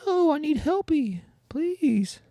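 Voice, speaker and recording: A man voicing a sly kelp seahorse creature that fakes drowning, in a shrill falsetto with neighing cries and mock-desperate pleading. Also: expressive, takes it slowly, warm tone, no echo, heavily acted. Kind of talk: comedic podcast bit.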